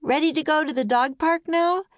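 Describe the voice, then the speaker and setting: A woman's voice: moderate pace, no echo, studio quality, close to an everyday voice. Bubbly little girl, as a woman reads her. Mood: cheerful. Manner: eager, high and bright. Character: bubbly energetic young girl.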